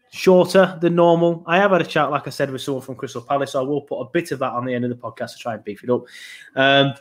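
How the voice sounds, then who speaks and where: A man's voice: a little high, a bit bright. A young man hosting a casual football podcast, rambling with frequent ums. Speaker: podcast host.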